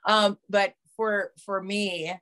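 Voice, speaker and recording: A woman basketball analyst co-hosting a podcast in casual chat, her voice raspy today. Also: mid-range voice, little pitch movement, slow pace, a bit bright.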